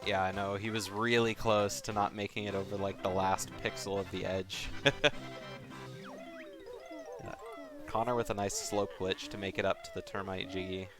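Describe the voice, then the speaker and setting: A man giving casual commentary on a race, chatty and relaxed, laughing often and leaning on fillers. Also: lowish voice, moderate pace, long pauses, music in the background.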